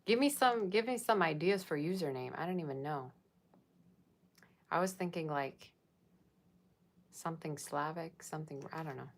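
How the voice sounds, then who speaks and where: A woman's voice: deep voice, normal speed, pauses often. A woman tarot reader chatting casually on a livestream, reading viewer comments aloud and answering them. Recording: faint background noise.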